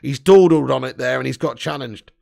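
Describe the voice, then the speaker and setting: A man's voice: medium pitch, a little fast, gravelly, a little mellow. A young man hosting a live football watch-along, commentating and ranting with lots of swearing. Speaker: fan watch-along host.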